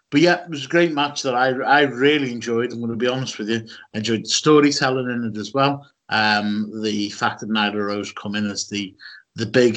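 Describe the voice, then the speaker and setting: A man's voice: mid-range voice, fairly bright tone. A man with a Scouse accent co-hosting a podcast, talking casually with many ums and restarts. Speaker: podcast co-host. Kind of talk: casual chat.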